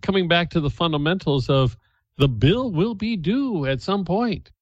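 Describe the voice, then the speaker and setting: A man hosting a radio talk show, speaking in a casual, animated way. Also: a little high, moderate pace, no echo, highs cut off. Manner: animated, laughs easily. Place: radio studio.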